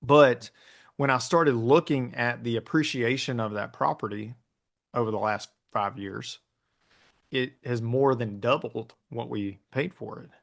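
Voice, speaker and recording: A man as an interview guest, telling a story in a relaxed way with plenty of ums and restarts. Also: mid-range voice, unhurried, gravelly. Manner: relaxed storytelling with many fillers. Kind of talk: casual interview conversation.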